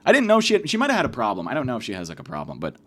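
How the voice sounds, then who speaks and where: A man's voice: mid-range voice, huge pitch swings, rapid-fire, slightly rough. A young man ranting in a profane, exasperated comedy monologue. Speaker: podcast host. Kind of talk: comedic rant.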